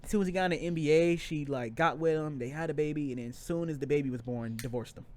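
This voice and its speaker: A man's voice: fairly high pitch, fast, darkish tone. A young man co-hosting a podcast, talking in slangy casual chat with lots of repeats and restarts. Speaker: podcast co-host.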